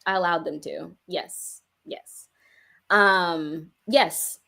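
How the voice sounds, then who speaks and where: A young adult woman, a guest music artist in a casual interview, telling her story with lively animation. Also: on the low side, extremely slow, gravelly.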